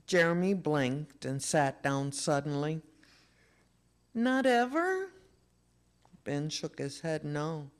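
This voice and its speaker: A reader at a memorial service, reading a children's story aloud in a slow, expressive way. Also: medium pitch, clear, resonant tone.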